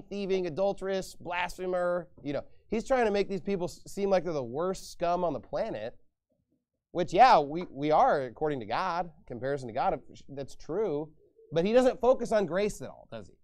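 Male pastor, slightly high voice, emphatic sermon delivery. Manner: emphatic, rises loud on sarcastic points.

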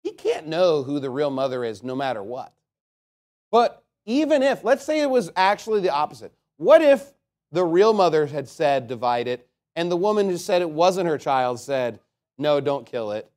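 A man preaching a sermon, reading scripture aloud and breaking into animated commentary, rhetorical questions and chuckling asides. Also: fairly high pitch, moderate pace. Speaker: pastor.

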